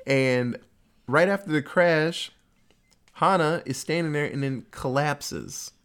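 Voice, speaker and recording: A man's voice: on the high side, slow pace, a bit bright, clean tone. A man recapping a movie in casual chat, rambling and swearing freely. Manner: rambling, profane, storytelling.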